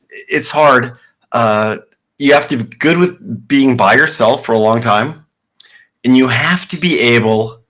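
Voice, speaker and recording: A man's voice: mid-range voice, a bit bright. Chatty male novelist, rambling delivery. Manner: rambling, loose, with many fillers and restarts. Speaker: novelist being interviewed. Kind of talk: casual conversational answers. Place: live online author event.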